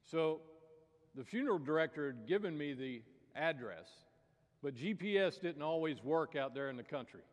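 A man's voice: a little high, expressive, moderate pace. A man preaching as pastor, telling stories and jokes in a folksy manner. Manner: folksy storytelling. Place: church sanctuary. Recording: reverberant church hall.

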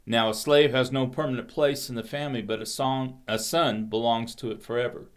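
Halting man explaining scripture. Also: medium pitch, fairly even intonation. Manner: halting, repeats words as he starts phrases. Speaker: Bible class teacher. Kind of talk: Bible study explanation with scripture reading.

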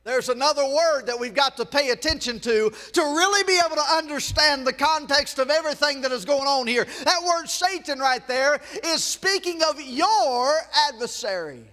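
A Southern US man preaches in a very high, bright, ringing voice, swelling into shouts and dropping into joking asides to the congregation. His sermon carries a long church-hall reverb. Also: animated, moderate pace, few pauses. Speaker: pastor. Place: church sanctuary.

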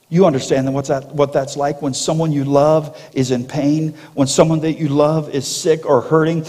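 A man's voice: a little high, flat delivery, moderate pace, hardly any pauses, a little mellow. Fervent man preaching in a reverberant hall. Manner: preaching with rising fervor and repeated phrases. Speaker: pastor. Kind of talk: sermon. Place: church sanctuary.

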